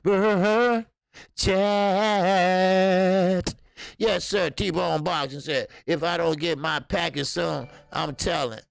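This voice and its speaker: American man, boxing stream host, gravelly and fairly high voice, chatty and unscripted, dry close sound. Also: no room sound. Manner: animated, talks straight to chat, many fillers and restarts. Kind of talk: live-stream commentary with chat.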